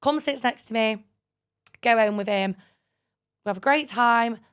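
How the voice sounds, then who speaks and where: A woman's voice: on the high side, measured pace, clear, resonant tone. A woman in her twenties co-hosting a podcast, telling a dating story in casual chat, full of "like" and acting out what people said. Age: 20s. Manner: animated, full of "like", acts out quoted dialogue. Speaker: podcast co-host.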